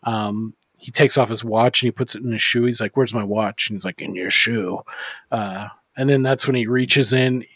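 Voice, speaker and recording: A man's voice: mid-range voice, fairly even intonation, brisk, few pauses, a bit bright, no echo. A man co-hosting a casual movie podcast, rambling with lots of fillers and swearing freely. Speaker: podcast co-host.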